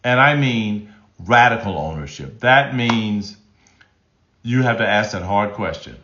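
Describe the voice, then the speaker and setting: Reading chat comments during a live-stream lesson, a male relationship coach talks in an unhurried way, his lively pitch rising and falling. Key phrases get repeated for emphasis, and he often starts sentences over. Sound-wise, the space is roomy and slightly dull.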